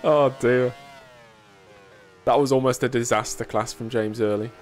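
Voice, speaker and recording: Casual male streamer, mid-pitched, dry self-mocking wit, chats with viewers while racing. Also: fairly even intonation, a little slow, slight background noise. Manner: chatty, answering viewers casually. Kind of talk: live gameplay commentary.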